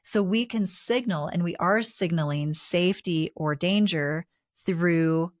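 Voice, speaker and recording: A woman co-hosting a relationship advice talk show, explaining in a calm, measured way. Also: lowish voice, dry recording, studio quality. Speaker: co-host.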